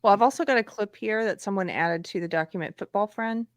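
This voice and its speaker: A woman's voice: mid-range voice, fast talker, no room sound. Woman host, casual chat, dry close recording.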